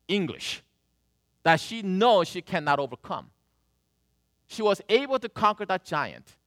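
Animated male preacher telling a story. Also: high-pitched, no echo, clean studio sound. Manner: animated, swings between loud and soft. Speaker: pastor. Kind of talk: storytelling sermon.

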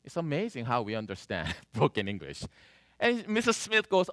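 Animated male preacher telling a story. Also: mid-range voice, moderate pace, dry recording, clean studio sound. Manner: animated, swings between loud and soft. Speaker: pastor. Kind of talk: storytelling sermon.

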